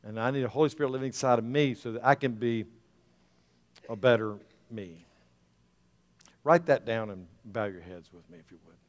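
A man's voice: medium pitch, normal speed, pauses often. A man preaching a sermon as pastor, folksy and rising to fervent emphasis. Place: church sanctuary. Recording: reverberant church hall, soft music.

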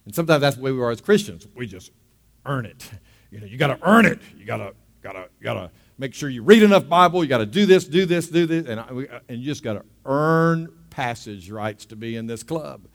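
Male pastor, middle-aged, sermon, hushed stories building to fervent loud preaching. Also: medium pitch, lively intonation, a little fast.

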